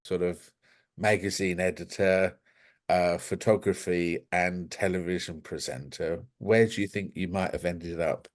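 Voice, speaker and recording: An interviewer who asks brief, low-key questions, recorded away from the mic. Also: steady tone, unhurried.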